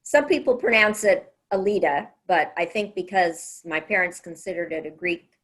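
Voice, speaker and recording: A woman in her seventies from the United States, a judge telling family stories in an oral history interview with lively, good-humored storytelling. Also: lowish voice. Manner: lively storytelling, quick to laugh.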